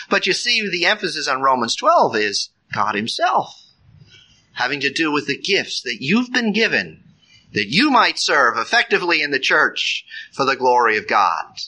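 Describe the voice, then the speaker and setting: Male pastor, higher-pitched and very bright tone, emphatic sermon delivery. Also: rough recording. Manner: earnest, emphatic, rises sharply on key phrases. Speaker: preacher.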